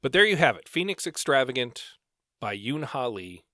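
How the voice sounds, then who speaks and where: A man co-hosting a casual book podcast, thinking out loud with the odd "uh" and "like". His voice is bright and forward, recorded close and dry with no room sound. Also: medium pitch, very animated, moderate pace, no echo. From Canada. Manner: musing, thinks aloud with fillers. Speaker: podcast co-host. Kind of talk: casual book club chat.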